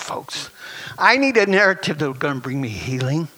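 A man preaching a sermon as pastor, animated and emphatic, with rhetorical questions and chuckles. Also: a little high, a little fast, slightly rough.

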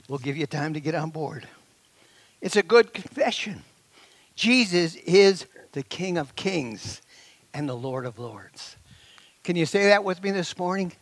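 Animated high-pitched male preacher. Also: dry recording. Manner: animated, exclaiming and laughing, swings between loud and hushed. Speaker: pastor. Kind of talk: sermon.

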